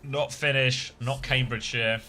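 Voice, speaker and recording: Soft music plays behind a man from the south of England co-streaming an esports match, his medium voice pushed and bright, fairly even in intonation and unhurried. He chats casually with viewers and laughs often.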